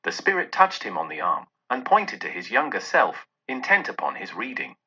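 A man reading a classic story aloud in a dramatic, expressive narration. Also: moderate pace, husky. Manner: dramatic, with many shifts in pitch and loudness. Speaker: audiobook narrator. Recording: dull lo-fi recording.

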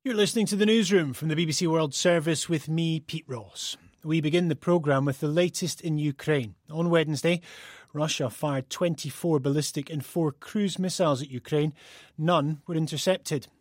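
A man presenting a radio news programme in a measured, formal way. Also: on the high side, darkish tone, dry recording, clean studio sound.

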